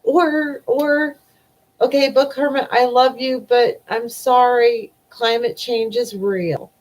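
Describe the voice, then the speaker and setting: A woman in her forties chats slowly on her live stream, reacting to viewer comments in a rambling, heartfelt way. She often trails off and repeats herself, taking her time between thoughts. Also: a little high, fairly even intonation, a little mellow, poor audio. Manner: rambling, emotional, trails off with repeated "I don't know". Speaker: livestream host.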